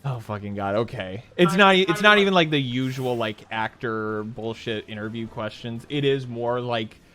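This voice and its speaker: A man's voice: medium pitch, normal speed, a bit bright. A man hosting a livestream, chatting casually with profane, joking banter. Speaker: streamer host. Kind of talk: casual chat.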